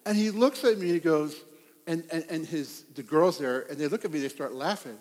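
A male pastor preaching a sermon, telling stories in an animated way and laughing at his own tales. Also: high-pitched, moderate pace. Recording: long hall reverb.

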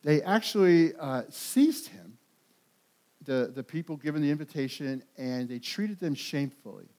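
A man with a high voice preaches to his congregation. His delivery is animated and emphatic, swelling to loud peaks with repeated words and quick restarts. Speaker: pastor. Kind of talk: sermon.

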